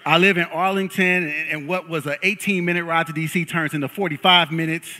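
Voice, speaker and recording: A young male pastor with a bright, forceful voice, slightly higher than most men, preaching in a church hall with a long echo. He jokes, teases and hypes the crowd, sliding between quiet asides and loud shouts. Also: fairly quick. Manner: lively, joking and hyping up the congregation. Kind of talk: sermon. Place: church sanctuary. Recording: long reverb of a large hall.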